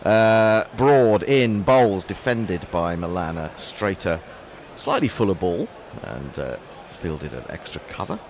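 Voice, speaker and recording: A low-voiced man calling live cricket ball by ball. His pitch swings widely as he moves between dry, self-mocking asides and the calls of each delivery. Faint outdoor noise sits behind him. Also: lively intonation, slow pace, few pauses. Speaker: cricket commentator. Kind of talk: live ball-by-ball radio commentary.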